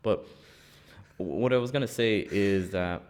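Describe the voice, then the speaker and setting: The young man co-hosting the podcast tells amusing tales in animated fashion, laughing often and voicing the characters he quotes. He has a fairly low, clear, resonant voice and a measured pace.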